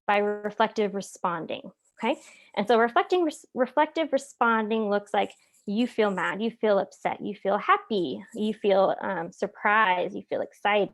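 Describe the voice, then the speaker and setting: A woman therapist presenting a parenting webinar in a conversational way, with many "um"s and frequent "right?" check-ins. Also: mid-range voice.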